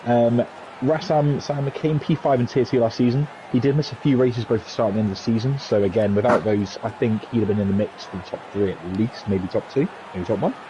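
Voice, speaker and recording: A man's voice: medium pitch, a little fast. Chatty man hosting a league stream. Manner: chatty, joking, rambling with fillers. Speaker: league host announcing team draw. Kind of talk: live stream chat commentary. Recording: dull lo-fi stream mic, faint noise.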